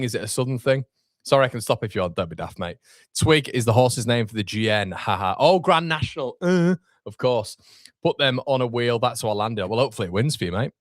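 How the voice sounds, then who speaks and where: Medium-pitched and echo-free, this young Northern English streamer from Yorkshire commentates on a live match over a dry close mic. He's chatty, bantering as he reads viewers' comments out loud.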